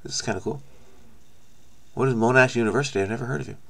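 A man's voice: medium pitch, racing, gravelly, a little hiss or hum. A man hosting a crossword video, thinking aloud in a frenetic, rambling way, with frequent restarts and stammers. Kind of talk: casual think-aloud commentary.

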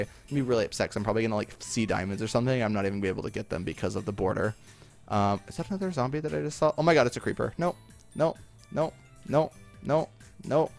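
A young man giving chatty, excitable gameplay commentary, talking to himself and to things in the game, with lots of fillers and repeated exclamations. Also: on the low side, vocal fry. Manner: talks to himself and to game objects, often yelps and repeats "no, no". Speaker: gaming video creator.

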